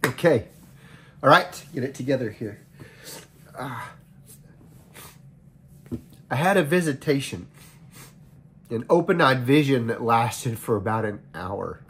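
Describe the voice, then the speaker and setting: A man preaching to his followers, choked up and halting as he recounts a vision, often restarting his sentences. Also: mid-range voice, expressive, fairly bright tone, a little hiss or hum. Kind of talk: emotional spoken testimony.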